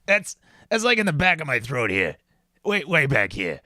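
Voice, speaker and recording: A man putting on a throaty voice for a gruff male fantasy shopkeeper, pushed to the back of his throat. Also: a little high, sing-song, normal speed, pushed and bright, no room sound, studio quality, voice pushed up, exaggerated voice.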